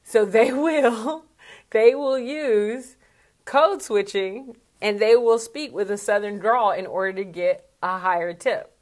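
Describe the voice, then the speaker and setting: A woman's voice: on the high side, takes it slowly. A woman speaking coach talking casually to camera in a vlog, chatty and candid, with plenty of asides.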